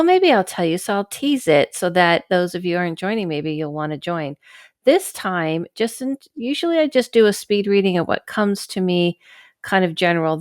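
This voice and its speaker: Woman podcast host, chatty and rambling, smooth even tone, dry sound. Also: lowish voice, no echo. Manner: chatty and rambling, with frequent asides and self-corrections. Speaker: podcast host and psychic medium. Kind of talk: casual podcast chat. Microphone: camera microphone.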